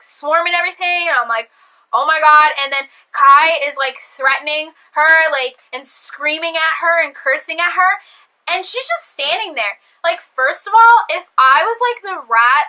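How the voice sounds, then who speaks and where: Bright-voiced chatty young woman. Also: sits high, low-quality recording. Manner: chatty, animated, many fillers, acts out her reactions. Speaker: vlogger reviewing a TV episode. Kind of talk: casual chat.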